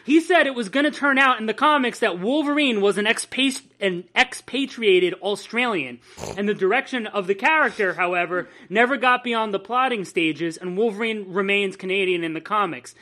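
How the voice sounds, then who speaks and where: A woman hosts a podcast in a loose, conversational way, swearing now and then and restarting her sentences. Her voice sits at a middling pitch for a woman. She sounds like she's chatting with friends rather than reading. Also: moderate pace, fairly bright tone. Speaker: podcast host. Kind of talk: casual podcast chat.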